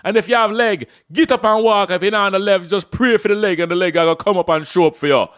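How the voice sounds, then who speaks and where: A rough country Jamaican man, put on by a man with a thick Jamaican accent, barking loud scoldings and firing off rhetorical questions. The voice sits a little high, with a tense, pushed edge from the volume. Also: fast, no room sound, studio quality.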